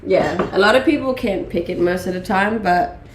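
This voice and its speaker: A woman's voice: mid-range voice, normal speed, echoey room, slight background noise. A woman in her late twenties from Denmark, with a mixed Danish and English accent, chatting casually on a live stream with many ums and laughs. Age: late 20s. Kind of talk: casual chat reading live chat.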